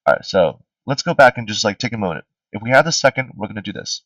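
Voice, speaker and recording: A man's voice: on the low side, animated, brisk, dry recording. A man tutoring music theory in a casual review session. He sings melody fragments on syllables and keeps checking in with "right?". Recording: distant, slightly dull streamed audio.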